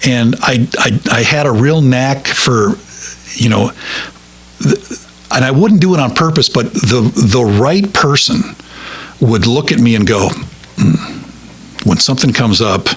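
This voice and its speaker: A middle-aged man, a radio broadcaster, telling stories from his career in a casual interview, rambling with many halting restarts. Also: mid-range voice, lively intonation, a bit bright, slightly rough.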